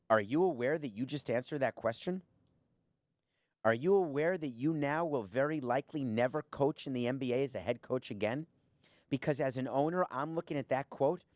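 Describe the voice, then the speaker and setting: A man's voice: medium pitch, a little mellow, no echo. A middle-aged man hosting a sports commentary show from a studio, sarcastic and emphatic, speaking straight to the viewer. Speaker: show host, former team owner. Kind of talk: opinionated sports commentary monologue.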